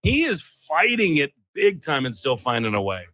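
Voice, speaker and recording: A man's voice: on the high side, wildly swooping pitch, moderate pace. Hyped, swearing man on a sports podcast. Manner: loud, swearing, hyped celebration. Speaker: podcast co-host. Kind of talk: excited sports chat.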